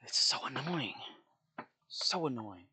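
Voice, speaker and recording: A tired man venting about his day in a loose, rambling rant while he plays a game. He sounds exasperated and swears freely, with frequent little chuckles, and his voice sits at an ordinary middle pitch. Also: big pitch swings, slow pace, sharp tone, breathy edge. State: worn out, low energy. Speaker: gaming streamer venting about work.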